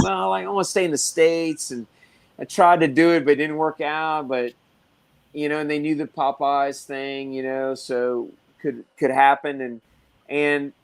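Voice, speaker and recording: A man talking with a slightly raised pitch, loose and rambling. He tells long stories in a casual podcast chat, trips over his words and voices the people in them. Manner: rambling, full of "you know" and restarts; acts out other people's lines in stories. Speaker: pepper breeder, guest.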